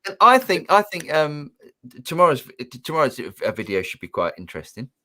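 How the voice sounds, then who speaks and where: A man's voice: on the high side, sing-song, fairly quick, pushed and bright. A man co-hosting a live music Q&A stream, upbeat and reading out viewer comments and questions. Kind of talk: casual live-stream chat.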